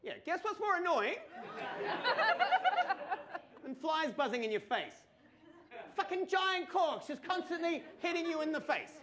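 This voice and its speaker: An Australian man telling a crude, animated stand-up comedy story with swearing and mock outbursts. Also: very high-pitched, unhurried, pauses often, a crowd in the background.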